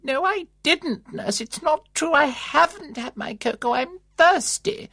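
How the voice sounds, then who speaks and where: A shrill, tiny old woman. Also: animated, unhurried, vocal fry, no echo, studio quality, heavily acted. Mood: demanding. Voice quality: loud and shrill. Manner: insistent, whiny. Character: confused tiny old woman demanding cocoa.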